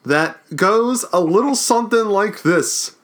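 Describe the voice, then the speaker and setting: A man's voice: high voice, lively intonation, pitched above the performer's own voice. A man doing a dramatic reading as a cackling, punning ghoul who hosts horror tales. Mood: gleeful. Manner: hammy, punning, drawn-out delivery. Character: cackling ghoulish male crypt keeper host.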